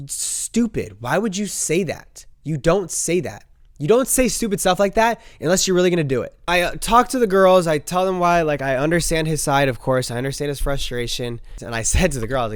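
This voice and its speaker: A man's voice: a little high, animated, normal speed, no echo, clean studio sound. A young man, a bit sick, hosting his vlog and telling a story casually, peppering his talk with "bro" and "like.". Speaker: host.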